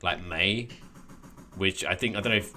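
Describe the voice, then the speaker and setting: A man co-hosting a casual football podcast, animated and jokey. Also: low voice, normal speed, soft background music. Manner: animated, jokey, puts on voices for quotes. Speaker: podcast co-host.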